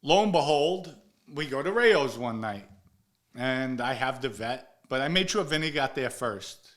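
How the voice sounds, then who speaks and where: A man in his forties tells a story casually, in a voice of ordinary pitch. He swears freely and slips into the voices of the people he quotes. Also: animated, measured pace, a bit bright. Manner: profane, acts out quoted dialogue. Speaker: guest storyteller.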